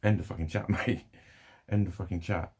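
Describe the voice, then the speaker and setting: A man's voice: low-pitched, steady tone, normal speed, darkish tone, breathy edge. A young man ranting to camera in a sweary, rambling, heated way. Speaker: vlogger.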